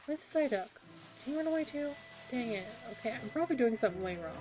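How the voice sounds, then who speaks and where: Chatty excitable lady streaming a game, higher voice, game music under her. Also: fast talker. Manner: chatty, excitable, self-mocking. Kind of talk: casual game commentary.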